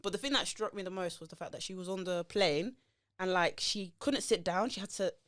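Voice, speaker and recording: A young woman hosts a casual podcast chat, speaking quickly and expressively. She reacts often with short murmured agreement. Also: on the low side, fairly bright tone. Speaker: podcast host.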